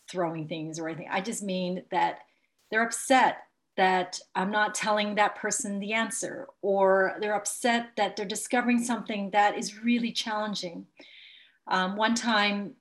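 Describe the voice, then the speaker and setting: A woman's voice: mid-range voice, a bit bright. Woman coach telling a candid story. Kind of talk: group discussion, personal story.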